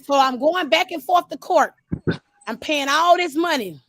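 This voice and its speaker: A high-pitched woman speaking tells her own story in an animated, casual way and keeps calling out to her listeners. The sound is dry and close, with little room in it. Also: moderate pace, dry recording. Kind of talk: casual testimony.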